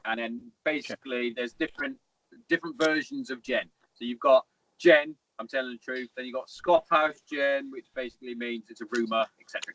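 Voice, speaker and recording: A man hosting a podcast in casual chat, telling stories quickly and swearing freely. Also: mid-range voice, a bit bright, recorded from a distance, rough recording. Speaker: podcast host. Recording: faint background noise with clicks.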